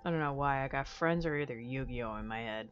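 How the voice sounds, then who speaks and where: A woman's voice: extremely low pitch, fairly quick. An American woman live-streaming, chatting casually with her viewers in a candid, profane, self-mocking way. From United States. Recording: dull lo-fi stream audio. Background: faint music.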